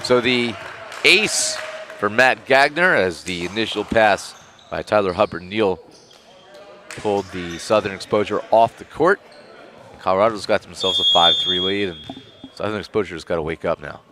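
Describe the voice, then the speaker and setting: An excitable male commentator with a low voice calls a volleyball match live at normal speed, his voice jumping up whenever a big play happens. Loud gym noise fills the background.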